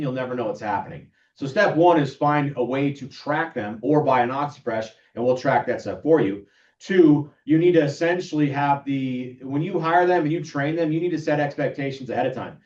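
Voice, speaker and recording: A man with a fairly high voice walks through business advice step by step, counting off points and restarting his sentences as he goes. He sounds set back from the mic in a roomy space, and the recording is muffled and dull. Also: darkish tone, distant mic. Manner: methodical, counts off steps, with halting restarts. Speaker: podcast co-host.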